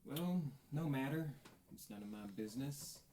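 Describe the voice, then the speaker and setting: A man narrating a tabletop game as game master, slow and full of hesitant fillers. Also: mid-range voice, expressive, mellow, echoey room, slight background noise, rough recording.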